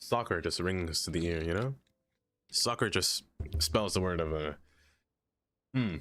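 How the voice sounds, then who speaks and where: A man streaming a game live, chatting casually with his viewers, laughing often and jumping into high excited exclamations. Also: measured pace. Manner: chatty, laughs often, talks straight to chat.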